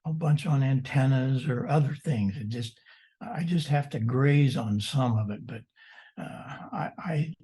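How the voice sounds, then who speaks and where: Older male guest speaker, husky tone, lively yarn-spinner on a video call. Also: medium pitch, a little slow. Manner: animated, storytelling, mock-indignant asides. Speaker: guest presenter.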